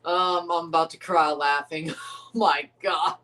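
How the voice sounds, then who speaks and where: Far from his microphone, a man delivers casual watchalong reactions to a football match on his livestream. His voice sits a little high, pushed and bright, with fairly even intonation and an unhurried pace, and he laughs often, swears, and calls out the match minutes.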